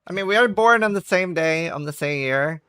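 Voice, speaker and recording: A man's voice: on the high side, lively intonation, fairly quick, pushed and bright, clean tone, dry recording. A man chatting casually and joking with viewers while streaming a game. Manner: joking, chatty, laughs often.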